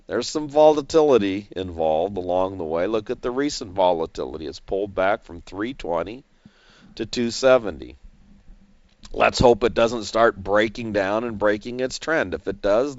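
A man managing investments, talking through a stock in measured commentary that leans on figures and numbers. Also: on the low side, no room sound. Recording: dull, slightly lo-fi dry recording.

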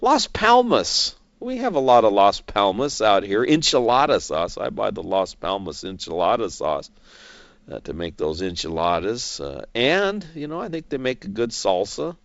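Folksy, lively-voiced male investing commentator. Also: fairly low pitch, normal speed, no echo, muffled recording. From California, United States. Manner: folksy, chatty, jokes as he goes. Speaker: stock market commentator.

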